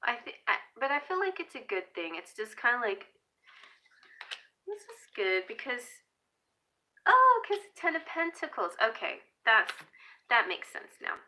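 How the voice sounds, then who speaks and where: A woman's voice: on the high side, big pitch swings, measured pace, long pauses, sharp tone. Giggly woman reading tarot live. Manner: giggly, playful, chatty. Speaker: tarot reader.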